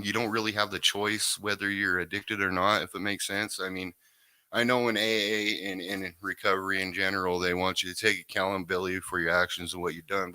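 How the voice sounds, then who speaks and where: A man's voice: low-pitched, pushed and bright, no room sound. A man, talking in a laid-back, rambling way as a guest recounting his recovery story. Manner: laid-back, rambling, lots of "you know what I mean". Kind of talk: casual interview chat.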